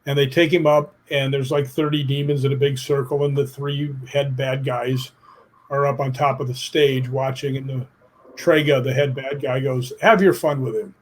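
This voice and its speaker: Here a middle-aged man, appearing as an interview guest, talks at a moderate pace with a medium-pitched voice. He's an animated, plainspoken storyteller who performs people's quotes, leans hard on emphasis, and swears offhandedly.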